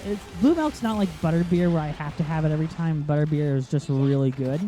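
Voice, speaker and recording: Faint music plays behind a gaming channel host whose voice sits on the high side, quick and warm. He rambles through casual let's-play commentary, chatty and easily sidetracked, with lots of ums filling the gaps.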